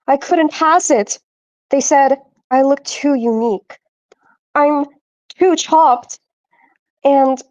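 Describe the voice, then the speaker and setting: A hopeless young servant girl, voiced by a woman, sighing through her words in a high voice. She speaks slowly and mournfully, recorded dry and close. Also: darkish tone, dry recording.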